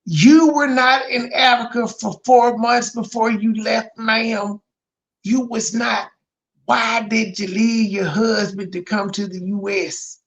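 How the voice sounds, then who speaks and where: A man's voice: high-pitched, creaky, fairly bright tone. A man hosting a reaction commentary, mocking and blunt, firing off rhetorical questions with plenty of profanity. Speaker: commentary host reacting to a livestream.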